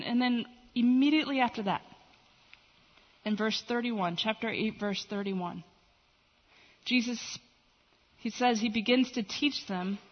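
Woman teaching the Bible in a hall. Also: on the high side. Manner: conversational, animated retelling with quoted voices. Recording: dull reverberant hall recording.

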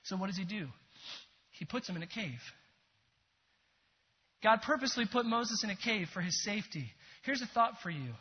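A high-pitched, husky-toned man delivers an earnest, animated sermon. The sound is dull and muffled, and a long reverb trails after him as if in a large sanctuary. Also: moderate pace, pauses often. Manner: earnest, animated preaching with whispered quotes. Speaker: pastor.

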